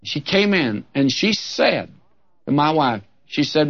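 A man's voice: a little high, big pitch swings, slow pace, fairly bright tone. An older man preaching a sermon as a pastor, folksy and humorous, quoting scripture. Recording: dull lo-fi old recording.

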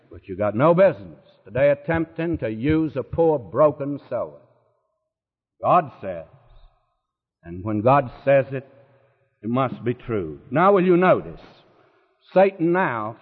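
A man preaching a sermon in an emphatic way, his voice rising to high, ringing peaks. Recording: phone-like sound with long hall reverb.

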